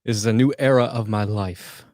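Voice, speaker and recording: A man's voice: on the low side, steady tone, moderate pace, a little mellow, dry recording. A man from the United States chatting casually on a livestream, joking and answering viewer comments.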